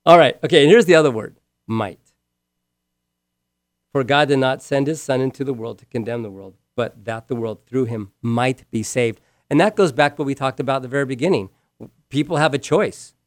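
A man preaching a sermon with real emphasis, repeating his key words and moving between loud passages and hushed ones. He asks the listeners questions directly. His voice sits at a middle pitch, and the recording is dry with no room echo. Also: fairly quick.

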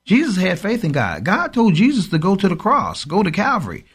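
A man's voice: high voice, wildly swooping pitch, a little fast, slightly rough. A man co-hosting a Christian radio show, preaching emphatically and quoting scripture. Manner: emphatic, quotes scripture, exhorting.

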